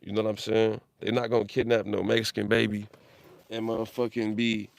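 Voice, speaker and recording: A man's voice: on the low side, little pitch movement, a little fast, vocal fry, dry recording. A man on a phone livestream, talking in a rambling, profane way with lots of restarts.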